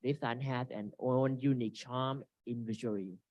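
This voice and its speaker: Halting man presenting a seminar. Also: medium pitch, steady tone, darkish tone. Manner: halting, reads from slides with frequent restarts. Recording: dry, dull lo-fi recording.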